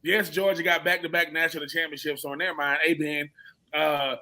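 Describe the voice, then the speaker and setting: A man's voice: a little high, normal speed. A man with a Southern American accent, chatting casually on a sports radio panel and acting out the voices he quotes. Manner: animated, storytelling, acts out quoted voices.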